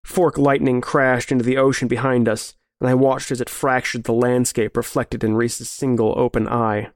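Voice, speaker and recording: A man narrating a grim story in a measured, serious way. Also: mid-range voice, little pitch movement, no echo, studio quality. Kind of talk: scripted horror story narration.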